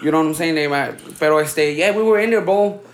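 A man's voice: a little high, fast talker. A man in his thirties telling stories in casual chat, laid-back and slangy, dropping in Spanish filler words. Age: 30s. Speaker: podcast host. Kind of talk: casual storytelling.

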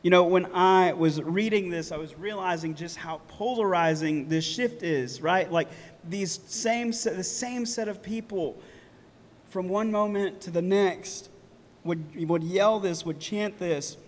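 A man preaching a sermon in a relaxed, conversational way, often tagging points with "right?" and laughing lightly. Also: high-pitched, measured pace. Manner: casual, conversational preaching with many "right?" asides. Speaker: pastor. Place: church hall. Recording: long reverb of a church hall.

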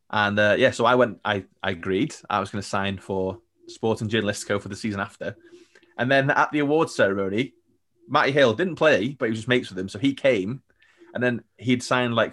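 A man's voice: fairly low pitch, fairly bright tone. A young man telling stories as a podcast guest, chatty and rambling, laughing often. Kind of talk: casual storytelling chat.

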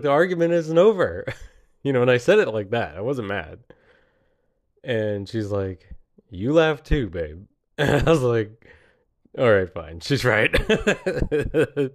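A man in his late thirties in a rambling, reflective solo monologue, often laughing at himself. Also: medium pitch. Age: 30s. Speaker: podcaster.

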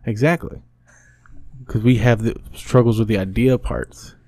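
A man's voice: lowish voice, fairly even intonation, measured pace, warm tone, no room sound. A young man co-hosting a casual podcast, riffing with crude, jokey banter. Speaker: podcast co-host.

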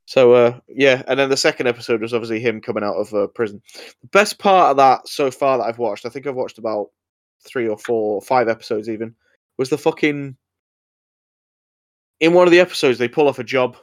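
A man's voice: mid-range voice, fairly quick, no echo, studio quality. A young man co-hosting a podcast, chatting casually in a rambling, sweary, jokey way. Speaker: podcast co-host. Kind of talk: casual chat.

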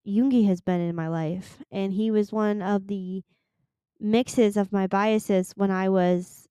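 A woman's voice: mid-range voice, steady tone, slow pace, mellow, clean tone, dry recording, studio quality. A young woman hosting a solo podcast, chatting in a gushing, rambling way and swearing casually. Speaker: podcast host.

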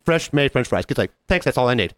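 A man's voice: mid-range voice, fast talker, no room sound. A man co-hosting a podcast, telling a work story in casual chat, acting out the other people in it and swearing freely. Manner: animated, acts out quoted voices. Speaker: podcast co-host.

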